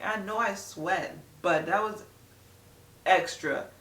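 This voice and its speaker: A woman's voice: medium pitch, expressive, unhurried, a bit bright, distant mic. Young woman rambling to her camera, lots of "like", roomy echo, sits a bit back from the mic. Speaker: vlogger. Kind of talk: casual chat to camera. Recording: echoey room, voice a bit off-mic.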